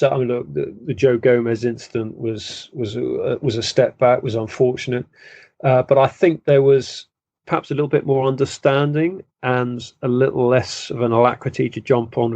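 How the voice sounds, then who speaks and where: A man, a football journalist, giving measured, self-deprecating interview answers with frequent restarts. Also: mid-range voice, gravelly, a little mellow, no echo. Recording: dull lo-fi dry sound.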